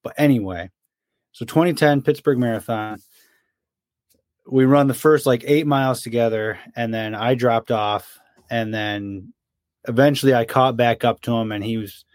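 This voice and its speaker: A man's voice: medium pitch, moderate pace, dry recording. A storytelling man on a dry mic. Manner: animated storyteller, mimics his friend's complaints. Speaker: podcast co-host. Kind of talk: casual storytelling chat.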